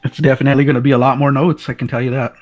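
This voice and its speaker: A man's voice: medium pitch, flat delivery, rapid-fire. A man co-hosting a casual film discussion, laid-back and enthusiastic, often saying "man" and restarting sentences. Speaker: co-host.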